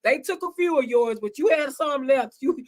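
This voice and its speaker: A high-voiced woman hosts a casual online conversation. She talks in a chatty, animated way, speaking straight to her audience over a video call. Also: normal speed. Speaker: host. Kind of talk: casual live-stream chat.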